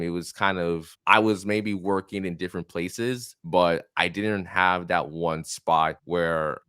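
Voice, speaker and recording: A man's voice: low voice, a bit bright, dry recording, studio quality. A young man, a podcast guest, talking casually and with enthusiasm, leaning heavily on "like" as a filler. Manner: enthusiastic, heavy use of "like" fillers. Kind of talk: casual interview chat. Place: his own room.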